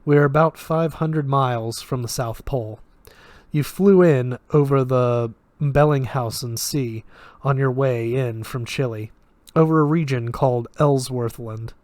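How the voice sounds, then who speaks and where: A man voicing a sardonic male magic professor who speaks in a flat, lecturing way with a Russian accent. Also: mid-range voice, measured pace, no room sound, natural voice.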